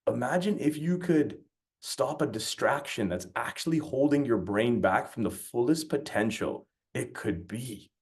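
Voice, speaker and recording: A man's voice: mid-range voice, lively intonation, a little slow, a little mellow. A man giving a motivational talk, telling stories bluntly and swearing freely. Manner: blunt and profane, with storytelling energy. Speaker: motivational speaker.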